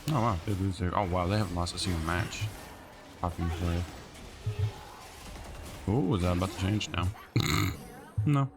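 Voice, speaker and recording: A man's voice: low voice, moderate pace, gravelly, pauses often. A man giving casual, exasperated commentary while playing a video game, grumbling at teammates. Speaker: gameplay streamer. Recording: game music behind voice.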